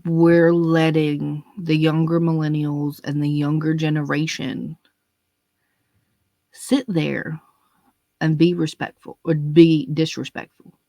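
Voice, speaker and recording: A young adult launches into an unscripted rant, blunt and full of swearing, repeating words to drive each point home. The voice sits at a middle pitch and sounds close and dry, with no room around it. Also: little pitch movement, slow pace, gravelly, warm tone, dry recording. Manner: blunt, profane, emphatic, repeats words when stressing a point. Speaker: monologue speaker. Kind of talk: unscripted ranting monologue.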